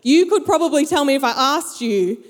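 Animated young woman telling stories. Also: sits high, moderate pace. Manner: animated storyteller who acts out her friends' voices. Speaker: speaker. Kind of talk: storytelling talk to a live audience. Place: large hall with an audience. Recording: long hall reverb.

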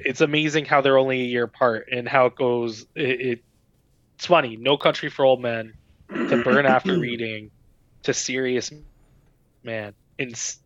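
A man's voice: mid-range voice, a bit bright, no echo. A man co-hosting a podcast in casual chat, talking loosely with many fillers and frequent laughter. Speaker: podcast co-host. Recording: dull dry recording.

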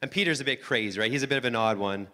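A male pastor preaches a sermon in a church sanctuary, emphatic and repetitive, coming back to the same phrases again and again. His medium-pitched voice races with a sharp tone, and the recording has long hall reverb along with band music.

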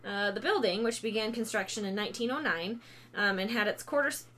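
A podcast host with an ordinary-pitched voice reads ghost lore aloud fairly quickly in a relaxed, casual chat. She stumbles, corrects herself, and drops ums throughout, breaking off now and then to laugh and joke.

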